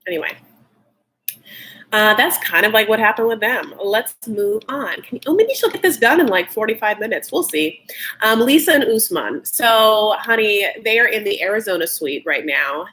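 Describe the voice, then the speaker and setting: A woman's voice: medium pitch, lively intonation, moderate pace, bright, forceful tone. Chatty gossiping woman recapping a show. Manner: chatty, gossipy, lots of fillers; sarcastic asides. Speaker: host. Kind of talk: live show recap chat.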